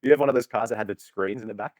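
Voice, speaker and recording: A man's voice: on the low side, darkish tone, no room sound. A young man, joking and swearing freely in a casual podcast chat. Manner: rapid, joking, swears freely, laughs often.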